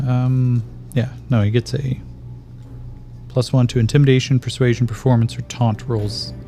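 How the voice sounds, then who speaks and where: A man narrating a solo tabletop game as game master, calling out dice rolls in a measured way. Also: medium pitch, little pitch movement, mellow, faint music behind.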